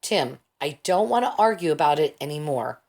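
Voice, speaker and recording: A tired, stubborn young soldier talks wearily but will not give an inch, as a woman reads him in an audiobook. His voice sits a little low and plain. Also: lively intonation, moderate pace, darkish tone. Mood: weary. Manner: weary and insistent. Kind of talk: audiobook character voice.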